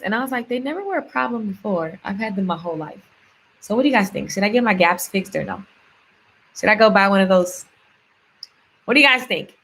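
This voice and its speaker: In a casual vlog, a cheerful, talkative woman addresses her viewers directly, sharing affirmations and stories from daily life. Her voice is husky, medium in pitch and fairly bright. To stress a point she'll often say the same word over and over.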